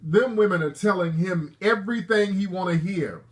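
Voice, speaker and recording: Brash call-in show host, man, aave slang, kinda high voice, teasing the callers. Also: moderate pace. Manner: brash, joking, street slang, lecturing callers. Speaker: show host taking calls. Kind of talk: call-in talk show banter.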